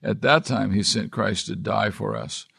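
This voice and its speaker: A man's voice: fairly low pitch, measured pace, gravelly, a bit bright, slightly rough. A man preaching a sermon as pastor, earnestly reading and explaining scripture verse by verse.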